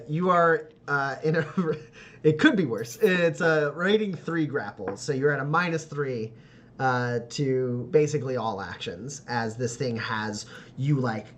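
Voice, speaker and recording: A man's voice: medium pitch, fairly bright tone. A man narrating a tabletop role-playing game as game master, rambling with lots of "like" and "uh" and laughing often.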